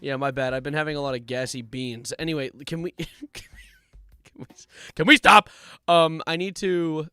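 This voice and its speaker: A young man live streaming, chatting casually, joking around and reading out donations in an animated way. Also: fairly high pitch, a little fast, clear, resonant tone, no room sound, faint music behind. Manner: jokey, animated, reads donations aloud. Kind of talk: casual livestream chat.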